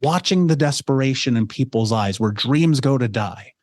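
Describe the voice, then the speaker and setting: A man in his thirties speaks candidly as a podcast guest, recounting his life story in a steady mid-range voice. His delivery is conversational, dotted with quick asides, and the sound is dry and close with no room around it. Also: mid-range voice, dry recording. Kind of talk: telling a personal life story.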